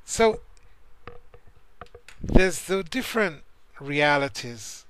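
A man's voice: fairly high pitch, very animated, drawn-out words, fairly bright tone, smooth. A man teaching a Torah class in an earnest, searching way, often restarting his sentences as he tells stories. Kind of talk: spoken Torah class with storytelling.

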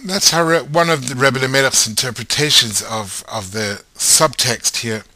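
A man teaching Torah in a lively way, asking his listeners rhetorical questions. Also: medium pitch, moderate pace, no room sound. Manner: animated, asks rhetorical questions.

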